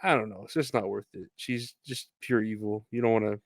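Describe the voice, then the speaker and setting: A man's voice: on the low side, fairly even intonation, brisk, no room sound, studio quality. A young man hosting a podcast, telling stories in a rambling, casual way with swearing and laughter. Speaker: podcast host. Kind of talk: casual solo storytelling.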